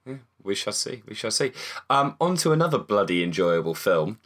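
A man's voice: lowish voice, very animated, a little fast, a bit bright. A young man co-hosting a casual film review chat, swearing casually and repeating words as he talks. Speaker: film review podcast co-host.

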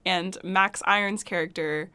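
A woman's voice: fairly low pitch, fairly even intonation, unhurried, bright, forceful tone, clean tone. Giggly rambling young woman co-host. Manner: giggly, rambling, many restarts and laughs. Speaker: podcast co-host. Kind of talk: casual film-review chat.

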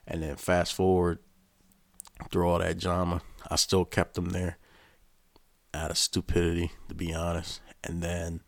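A man with a deep, gravelly voice tells a story as a podcast host. He rambles casually and swears constantly. The sound is dry and close. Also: dry recording. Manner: profane, rambling.

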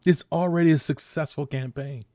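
A man's voice: fairly high pitch, fairly even intonation, fairly quick, dark tone, no echo, studio quality. A man in his fifties hosting a podcast, delivering a heated opinion monologue that repeats points for emphasis. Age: 50s. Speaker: podcast host.

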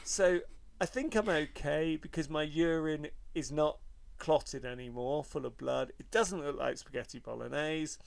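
A man's voice: fairly high pitch, a little slow, creaky, hardly any pauses. A middle-aged man, a podcast co-host, telling stories in a wry, self-mocking way and swearing freely in casual chat.

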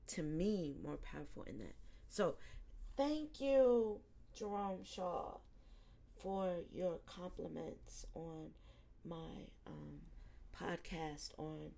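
40s woman podcast host, low-ish voice, chatty n laughy, goes soft and quiet when she gets reflective. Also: slow, gravelly. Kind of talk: casual podcast monologue.

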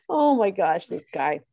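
Casual podcast co-host, woman in her forties, expressive storyteller who acts out quotes and laughs a lot. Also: medium pitch, vocal fry, dry recording. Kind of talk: casual chat recapping a TV show.

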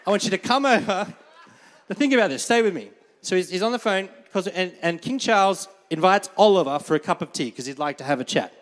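Pastor, man, high voice, chatty sermon, long hall reverb. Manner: conversational, asks the crowd for amens; animated, laughs often. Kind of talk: sermon with a volunteer on stage.

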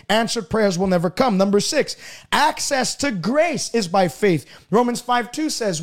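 A young male preacher delivers a broadcast sermon in a strikingly high-pitched voice. He speaks emphatically, driving his points home and climbing to loud declarations.

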